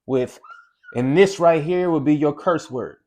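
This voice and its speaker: Emphatic man with a slightly high voice. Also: a little mellow. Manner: casual, emphatic, repeats key phrases; slows down to stress single words. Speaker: weight-loss coach. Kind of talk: motivational talk to camera.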